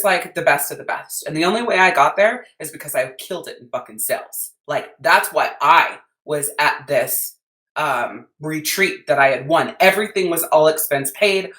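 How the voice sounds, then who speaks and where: An American woman with a low voice, talking to listeners in a blunt, swear-heavy rant as a business coach. Her voice bounces around an echoey room. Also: fairly bright tone. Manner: blunt, emphatic, swears freely. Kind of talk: podcast rant.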